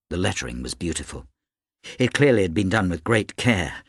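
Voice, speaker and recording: A man narrating an audiobook in an expressive storytelling manner. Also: deep voice, moderate pace, slightly rough, no room sound, clean studio sound. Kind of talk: scripted narration.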